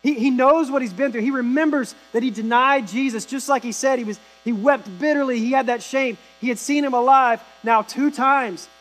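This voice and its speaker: A man's voice: very high-pitched, moderate pace, few pauses, fairly bright tone, poor audio. A man preaching a sermon, retelling scripture in a conversational storytelling way with casual asides. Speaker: pastor.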